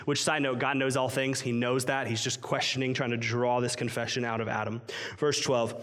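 A man's voice: medium pitch, flat delivery, moderate pace, a bit bright. A man in his thirties, a pastor delivering a sermon in an emphatic, conversational way. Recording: long hall reverb.

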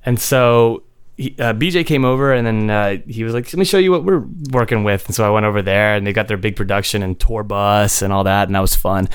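A man's voice: on the low side, steady tone, fairly quick, clean tone, dry recording. A man on a podcast telling a casual, rambling story about a gig, often restarting his sentences and chuckling. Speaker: podcast co-host and gigging musician.

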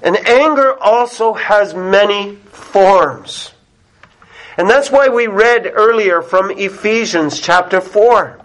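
A man's voice: high-pitched, takes it slowly, a bit bright, low-quality recording. A male pastor preaching a sermon, emphatic, with repeated words and rhetorical questions.

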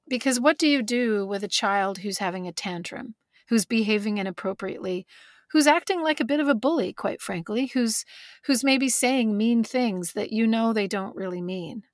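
A woman's voice: medium pitch, normal speed, no room sound. A woman talking candidly and thoughtfully in a conversation, restarting words as she thinks, close to tears. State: teary. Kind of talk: reflective conversation.

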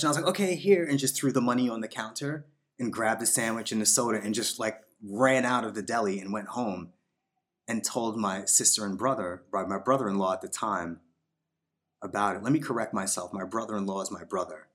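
This man, a podcast guest, shares a personal story slowly and reflectively, scattering fillers and putting on voices for quotes. His pitch is lowish and a bit bright, and his tone stays steady.

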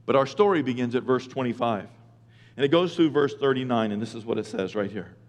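A male pastor preaching a sermon, retelling scripture in casual slang and building to emphatic shouts. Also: medium pitch, fairly quick. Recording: long reverb of a large hall.

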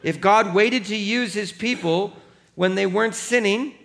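Male pastor, middle-aged, animated sermon delivery, laughs at himself, bright forceful tone. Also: sits high, measured pace, gravelly. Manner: has the congregation read along aloud.

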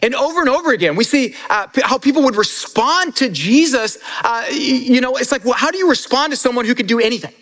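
A man's voice: very high-pitched, animated, quick pace, hardly any pauses, a bit bright, long reverb tail. A man preaching as pastor in a casual, conversational sermon, often repeating words as he builds a point.

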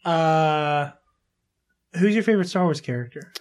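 A woman with a deep, slightly mellow voice speaks animatedly and a little slowly. Hosting a podcast, she chats casually with a child guest, laughing often and restarting her sentences.

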